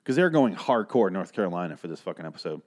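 A man's voice: low voice, sing-song, fast. A man hosting a podcast, recapping a TV episode in a casual, profane, sarcastic and rambling way. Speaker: podcast host.

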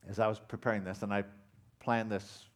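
Male pastor, low voice, preaching with dramatic loud-to-quiet swings. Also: little pitch movement, brisk. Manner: dramatic storytelling, loud rising emphasis then quiet intensity. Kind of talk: sermon.

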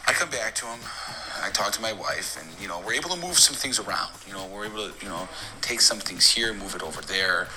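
A man telling a comic story in an animated way, repeating lines for effect. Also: on the low side, quick pace.

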